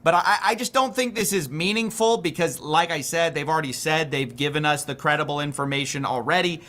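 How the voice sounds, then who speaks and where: A man's voice: a little high, brisk, fairly bright tone. A man giving indignant, sarcastic political commentary on a livestream.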